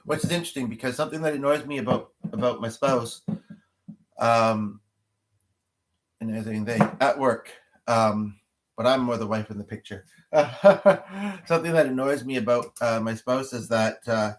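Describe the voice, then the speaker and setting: A man's voice: medium pitch, moderate pace. A man hosting a livestream, chatting casually with viewers, rambling and thinking aloud as he goes. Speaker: livestream host.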